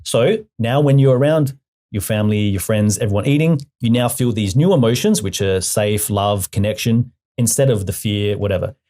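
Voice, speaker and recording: A man's voice: fairly low pitch, normal speed, mellow. A male hypnotherapy trainer, a guest on the podcast, explaining his methods with humor in a casual interview.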